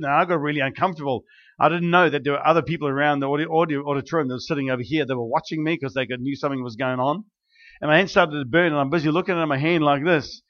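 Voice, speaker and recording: A man preaching, first praying aloud and then telling stories in an animated way, with many fillers and restarts. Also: a little high. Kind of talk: prayer and sermon storytelling. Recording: dull lo-fi recording.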